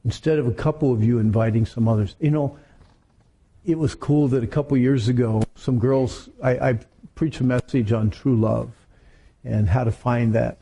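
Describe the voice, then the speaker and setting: A middle-aged man preaching a sermon to teenagers, telling stories in an animated way. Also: mid-range voice, moderate pace, breathy edge. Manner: animated storytelling with acted quotes. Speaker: youth preacher.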